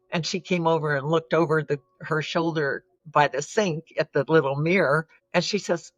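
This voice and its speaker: A woman's voice: deep voice, fairly even intonation, normal speed, hardly any pauses, dry recording. A woman giving an earnest, emotional personal testimony as a guest in an interview. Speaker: podcast guest.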